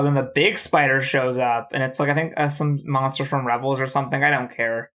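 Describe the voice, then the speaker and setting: The co-host of a podcast runs rapidly through an episode of a TV show in easygoing conversation. His delivery is animated and full of swearing, punctuated by snappy acted-out character lines, at an ordinary mid-range pitch.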